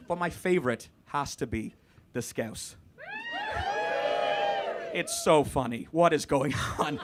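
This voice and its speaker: A man from Canada doing animated, sweary stand-up comedy in a club. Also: a little high, slow, pauses often. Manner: animated, swearing, laughing with the crowd. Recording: live club recording with background noise.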